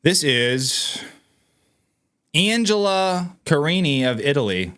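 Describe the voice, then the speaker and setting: A man's voice: a little high, big pitch swings, slow pace, a bit bright, smooth. A man hosting his own commentary channel. He talks casually and emphatically to viewers, reads news items aloud and sounds incredulous. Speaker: political commentary channel host.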